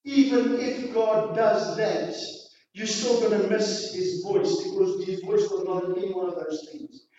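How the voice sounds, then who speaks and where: Male pastor, high voice, emphatic sermon delivery, distant dull recording. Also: steady tone, a little slow. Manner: preaching with rising, emphatic exhortation and quiet dramatic drops. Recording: distant, echoey hall, dull sound.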